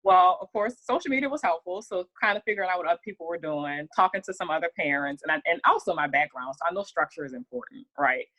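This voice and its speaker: A woman guest in a casual interview, telling her story in an animated way and acting out what others said. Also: on the low side, quick pace, few pauses, no room sound, rough recording. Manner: animated storytelling with laughs and acted-out quotes. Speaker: interview guest, working mother.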